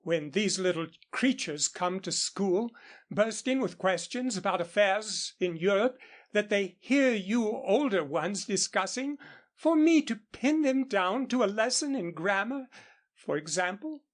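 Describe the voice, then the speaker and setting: A man reading the lines of a kind, cultured English woman schoolteacher in an audiobook, gentle and earnest, with an English accent. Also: sits high, animated, measured pace, pitched above the performer's own voice.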